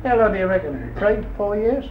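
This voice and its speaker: A man's voice: sits high, animated, a little fast. An older man telling rambling, earthy anecdotes in an oral history interview. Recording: dull roomy old tape with hiss.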